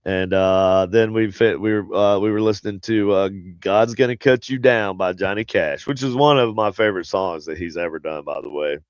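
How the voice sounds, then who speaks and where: A man's voice: lowish voice, moderate pace, few pauses, smooth, no echo, dull audio. A man hosting a paranormal podcast, chatting casually and rambling with many fillers and restarts. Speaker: podcast host. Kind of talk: casual chat.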